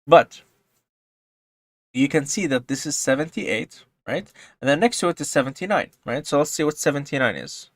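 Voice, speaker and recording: A man giving a casual coding tutorial, explaining calmly and then breaking into loud, excited outbursts, with frequent swearing. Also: on the high side, moderate pace, dry recording. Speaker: programming tutorial host.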